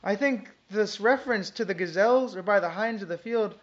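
A woman's voice: mid-range voice, fairly quick. A woman teaching from the Bible to a small group, reading verses aloud and repeating them with earnest emphasis. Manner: earnest, reads scripture aloud with emphatic repetition. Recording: dull lo-fi recording.

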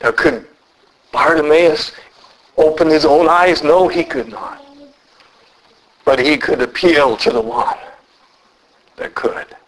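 A man preaching a sermon earnestly, often slowing down and climbing to emphatic peaks. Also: poor audio. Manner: lively pitch, slows down for emphasis.

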